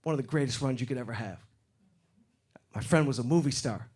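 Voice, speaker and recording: A middle-aged man from Detroit doing a stand-up comedy set on stage, getting loud and animated when he acts out other people. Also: mid-range voice, brisk, slightly rough. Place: comedy stage before a live audience. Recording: live show with loud crowd laughter. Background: crowd laughing.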